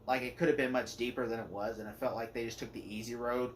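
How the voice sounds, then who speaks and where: A man's voice: medium pitch, steady tone, quick pace, slight background noise. Rambling, opinionated man reviewing a movie. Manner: rambling and opinionated, heavy use of "like". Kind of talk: casual spoken movie review rant.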